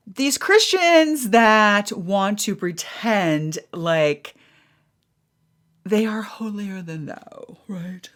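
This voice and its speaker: This middle-aged woman's voice is medium in pitch and slightly bright as she hosts a podcast. In casual, frank talk she swears freely and lively acts out what people said.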